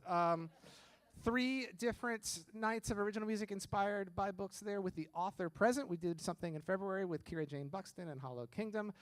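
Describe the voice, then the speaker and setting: A man's voice: fairly high pitch, no room sound. A man speaking from the stage at a live music and books event, giving rambling, enthusiastic announcements full of ums. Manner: rambling, filler-heavy, enthusiastic. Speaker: arts organization director speaking at a live show. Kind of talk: informal onstage announcements.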